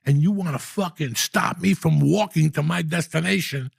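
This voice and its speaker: A man in his sixties telling a story in casual, profane, animated style, with loud outbursts. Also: a little high, normal speed, vocal fry, husky, no room sound, clean studio sound. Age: 60s. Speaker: podcast host.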